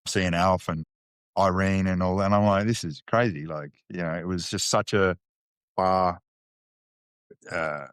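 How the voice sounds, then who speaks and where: Deep-voiced Australian man telling stories. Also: steady tone, a little slow, long pauses, a bit bright, smooth, dry recording. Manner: candid, storytelling, slangy, frequent fillers and restarts. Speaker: podcast guest. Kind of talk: casual interview chat.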